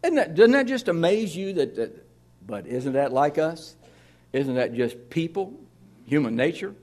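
A man's voice: a little high, big pitch swings, measured pace, a little mellow. A man preaching a sermon to his congregation in a conversational way, with sudden drops to near-whispers. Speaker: pastor.

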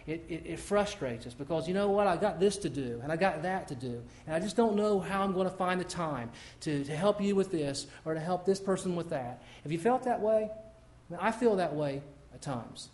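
A middle-aged man delivers a sermon in an easygoing, conversational way, stumbling over and repeating words as he thinks aloud. His voice sits a little high for a man. He talks to the congregation as if chatting with them. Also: darkish tone. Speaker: pastor.

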